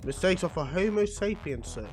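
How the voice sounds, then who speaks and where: A man's voice: sits high, animated, moderate pace, a little mellow, faint music behind. Proud young winged flyer, voiced by a man, polite, cocky. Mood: confident.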